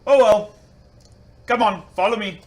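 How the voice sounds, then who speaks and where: A man's voice: fairly high pitch, measured pace, heavy background noise, natural voice. A man voicing a laid-back male combat teacher who gives offhand, casual instructions.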